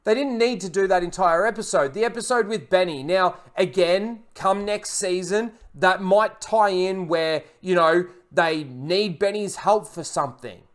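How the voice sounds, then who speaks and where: A man's voice: sits high, measured pace, hardly any pauses. A man recapping and reviewing a TV episode in a casual, rambling way, full of fillers and blunt, profane criticism.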